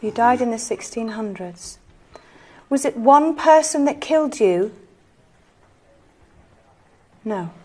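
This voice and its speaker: A woman leading a ghost-hunt séance, asking soft, coaxing, pleading questions. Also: a little high, expressive, measured pace. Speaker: séance leader.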